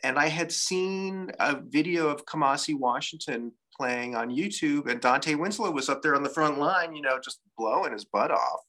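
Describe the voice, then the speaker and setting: Man, fairly high voice, bright tone, interview guest, reflective storyteller, easygoing. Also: normal speed, few pauses. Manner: relaxed, reflective storytelling with frequent fillers. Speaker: saxophonist guest. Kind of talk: casual interview chat.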